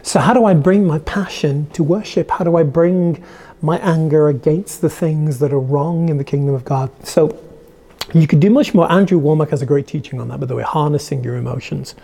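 A man's voice: a little high, brisk, vocal fry, mellow. A man preaching a sermon as a pastor, in an earnest, conversational way with frequent restarts.

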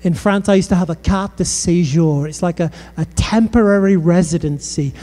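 A man's voice: sits high, normal speed, dark tone. A male pastor from the United Kingdom preaching a passionate sermon with conversational asides in a church hall. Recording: echoey hall.

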